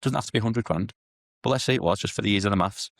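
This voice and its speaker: A man, a podcast guest explaining sales in an animated way and acting out client conversations. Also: fairly low pitch, rapid-fire, gravelly, dry recording, studio quality. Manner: animated, acts out sales dialogues in quotes. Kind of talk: podcast interview.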